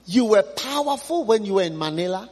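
Abraham, as a preacher puts on a calm stern patriarch. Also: male voice, high voice, brisk, pitched below the performer's own voice.

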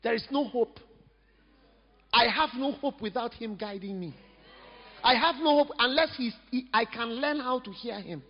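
High, husky preacher. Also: male voice, normal speed. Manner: lively, humorous, emphatic preaching. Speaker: pastor. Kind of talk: sermon. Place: church. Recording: echoey hall, dull lo-fi sound.

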